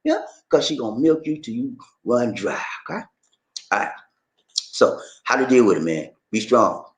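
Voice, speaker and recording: Emphatic preachy man in an echoey room. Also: moderate pace. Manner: emphatic, preachy, calls the listener "man" and "baby"; animated, swoops up high for emphasis. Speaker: relationship advice vlogger. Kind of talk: casual motivational advice talk.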